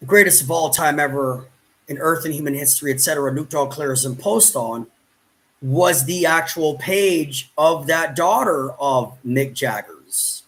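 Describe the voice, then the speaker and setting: A man with a high voice speaks slowly as he narrates his own vlog. He repeats his words and pleads, and his talk is full of grand phrases. The sound is roomy and picked up from well away from the mic. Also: fairly bright tone. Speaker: YouTube vlogger. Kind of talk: self-narrated vlog, arguing off camera.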